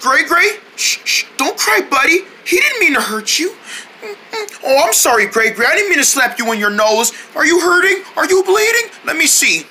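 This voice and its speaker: A woman voicing a playful young cartoon kid who talks in a lively, teasing way. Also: high voice, normal speed, slight background noise, heavily acted. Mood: apologetic.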